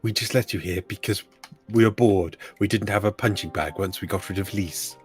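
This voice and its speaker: Brief: young male streamer, lowish voice, teasing, mock-grand dialogue reads, faint game music behind. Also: normal speed. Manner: teasing, mock-solemn line reading. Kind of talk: casual gaming banter mixed with dramatic readings.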